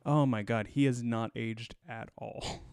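A man co-hosting a podcast, chatting with animated enthusiasm and frequent laughter. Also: mid-range voice, measured pace, creaky, slight background noise. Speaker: podcast co-host. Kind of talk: casual chat.

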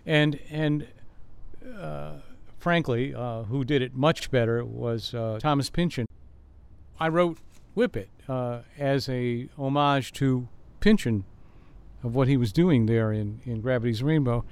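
A man's voice: mid-range voice, a little slow, gravelly, clean tone. An older man, a guest musician, telling long rambling stories in an interview outdoors in a backyard, full of fillers and restarts. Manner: rambling, animated storyteller with many fillers. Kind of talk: storytelling interview answers.

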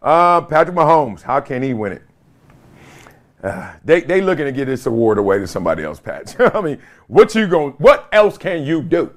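A middle-aged man hosts his own sports podcast and talks in a loose, slangy way, often laughing mid-thought. His pitch swings a lot from line to line, and his voice sits somewhat high for a man. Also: normal speed. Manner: animated, slangy, laughs often, mimics others in quotes. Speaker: podcast host. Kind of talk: casual sports commentary.

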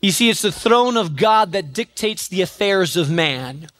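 A man preaching a sermon as pastor, building dramatically and rising to shouts on repeated refrains. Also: high-pitched, lively intonation, a little slow, no room sound, soft background music.

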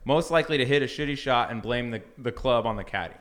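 A male podcast host who talks in quick, joking banter with his guests. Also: medium pitch, fairly bright tone. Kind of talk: casual chat.

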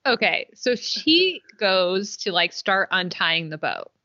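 A woman with a bright, forceful voice gushes through a casual recap of a favorite show, swooning aloud as she goes. The sound is dry and close, with a dull, muffled top end. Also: medium pitch, slow, dry recording. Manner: gushing, excitable, swoons aloud. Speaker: podcast co-host. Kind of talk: casual chat recapping a TV episode.

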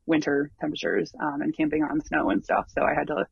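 A man with a fairly high voice talks through his long hike at an easy pace, often stalling on ums and starting his sentences over. The sound is dull and lo-fi, close and dry, with no room around it. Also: level tone, quick pace, creaky, husky, no room sound. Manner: rambling, full of ums and restarts. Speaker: long-distance hiker guest. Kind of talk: casual interview storytelling.

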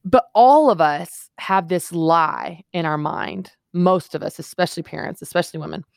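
A woman's voice: fairly low pitch, normal speed, vocal fry, dry recording, studio quality. A woman in her thirties, a guest author on a podcast interview, telling stories earnestly and with emphasis.

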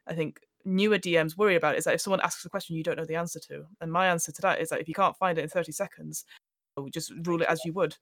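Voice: mid-range voice, fairly even intonation, rapid-fire, fairly bright tone. A podcast guest who runs tabletop games, chatting thoughtfully about game mastering with lots of "you know"s.

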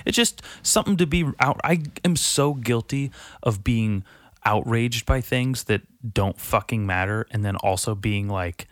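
A man's voice: fairly low pitch, a bit bright, no echo, studio quality. A man hosting his own podcast alone, rambling and swearing a lot, sighing and trailing off into mutters before restarting. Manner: rambling, profane, self-deprecating, trailing off and restarting; sighs often, drops to a mutter. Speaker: podcast host. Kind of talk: casual solo monologue.

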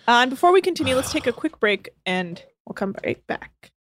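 Lively high-voiced woman, sweary podcast co-host. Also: heavy background noise. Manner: animated, sweary, quick asides. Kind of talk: casual podcast chat.

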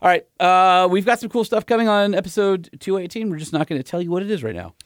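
Upbeat podcast host doing ad reads. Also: male voice, lively intonation, no echo, clean studio sound. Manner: upbeat, brisk pitchman on ad reads, teasing. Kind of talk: casual chat and live ad reads. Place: small cramped room.

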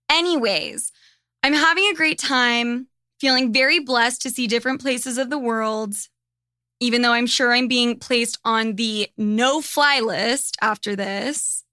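Brief: woman, podcast host, casual and profane, bright tone, dry close sound. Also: a little high, dry recording. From United States. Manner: blunt, profane and candid. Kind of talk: casual monologue.

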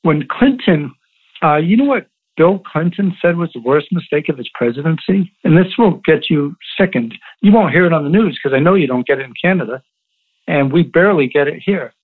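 Guy over a tinny phone line, fairly high voice, keeps hammering his point. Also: expressive, brisk, slightly rough. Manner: emphatic, repetitive storytelling. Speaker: interview guest, former Navy SEAL.

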